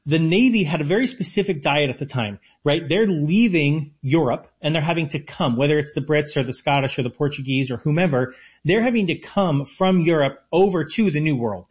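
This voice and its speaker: A man co-hosts a casual radio food show and explains things eagerly. His voice sits a little high and sounds husky. The audio is muffled and lo-fi. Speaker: co-host, chef.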